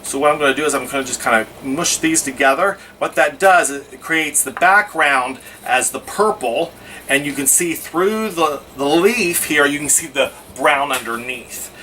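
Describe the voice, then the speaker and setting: A man's voice: on the high side, lively intonation, normal speed, pushed and bright, distant mic, a little hiss or hum. A man giving a casual scrapbooking how-to, chatting through each step as he works. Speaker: scrapbooking instructor.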